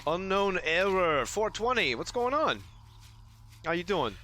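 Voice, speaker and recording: Joking streamer man with a bright voice. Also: high-pitched, sing-song, unhurried, a little hiss or hum. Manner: joking, rambling storyteller who acts out quips. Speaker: game streamer. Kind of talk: casual gaming stream commentary.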